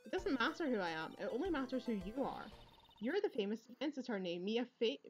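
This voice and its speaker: A woman's voice: fairly high pitch, sing-song, brisk, voice pushed up. A woman voicing a pushy young woman seeking a lawyer in a game, reading her lines in an urgent, insistent way over faint game music.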